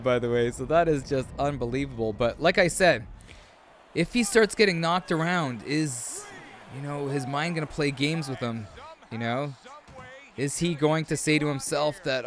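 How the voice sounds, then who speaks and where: A man hosting his sports channel, casually commentating a simulated fight live, calling him "man" and "brother" as he goes, with bursts of excitement at big moments. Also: medium pitch, measured pace. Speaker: sports commentator and video host. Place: home setup, recording live.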